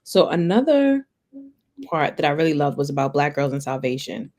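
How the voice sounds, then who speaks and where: A woman hosting a book club interview, asking long, curious questions in a relaxed, friendly way. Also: low-pitched, moderate pace.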